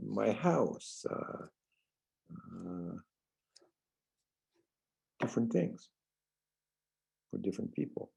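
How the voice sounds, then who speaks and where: An older man from the New York suburbs leading a parenting workshop, telling a childhood story and guiding exercises in a rambling, gentle way with many restarts. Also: low voice, gravelly, poor audio. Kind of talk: casual storytelling lecture.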